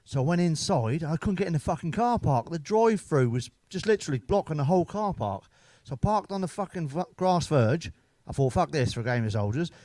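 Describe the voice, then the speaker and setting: A man's voice: a little high, animated, a little fast, hardly any pauses, dark tone, no echo. A middle-aged man telling jokes and stories in a blunt, sweary stand-up style. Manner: sweary, blunt, laughing at his own jokes. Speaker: stand-up comedian. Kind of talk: casual stand-up storytelling.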